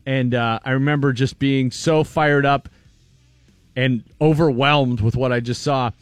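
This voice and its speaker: A man co-hosting a sports talk show, excitedly telling stories from a game he attended. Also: medium pitch, a little slow, clean tone, no room sound, faint music behind. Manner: animated storyteller, excitable. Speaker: sports talk co-host and fan. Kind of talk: casual sports talk, storytelling.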